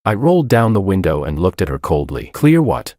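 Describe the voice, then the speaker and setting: Deep-voiced male story narrator. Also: very animated, fairly quick, a little mellow, dry recording, studio quality. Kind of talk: first-person scripted story narration.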